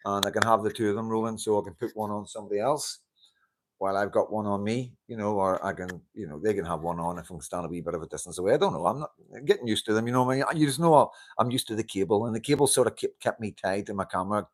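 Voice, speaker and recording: Fast-talking and fairly low-pitched, this livestream host chats casually with his audience. He welcomes viewers, laughs often and swears loosely, all through a handheld wireless mic.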